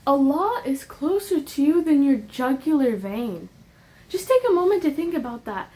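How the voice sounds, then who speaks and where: A young woman with a high voice speaks straight to her viewers in an impassioned faith monologue. She leans hard on repetition, pushing the same point louder and higher. She slips easily into casual slang asides between the heavier moments. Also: lively intonation, moderate pace. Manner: earnest, repeats herself with rising emphasis. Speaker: faith vlogger. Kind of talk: emotional religious monologue.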